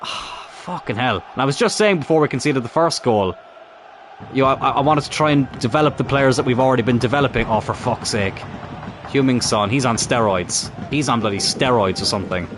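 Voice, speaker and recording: A gaming YouTuber plays football career mode and commentates live, exasperated and cursing as he urges on his on-screen players. His voice is medium-pitched and fairly quick, with a noisy background.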